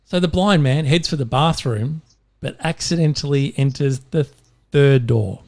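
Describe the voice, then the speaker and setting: A man's voice: fairly high pitch, lively intonation, normal speed. A middle-aged Australian man co-hosting a podcast, telling dad jokes in a rambling, jokey way with plenty of fillers. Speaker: podcast co-host.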